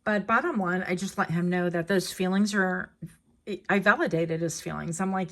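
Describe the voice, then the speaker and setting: A woman's voice: on the low side, fairly even intonation, normal speed, fairly bright tone. A woman giving a casual pick-a-card tarot reading, chatty and rambling, getting emotional and laughing often. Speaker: tarot reader.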